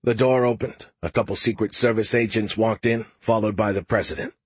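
Husky low-voiced male narrator. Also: fairly even intonation, a little fast, no room sound. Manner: wry, self-deprecating. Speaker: audiobook narrator. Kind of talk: first-person scripted narration.

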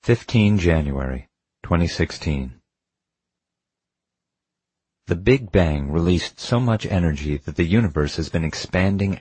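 A man narrating an audiobook in the first person, reading in a measured, intimate way. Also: rumbling low, darkish tone, breathy edge, no echo.

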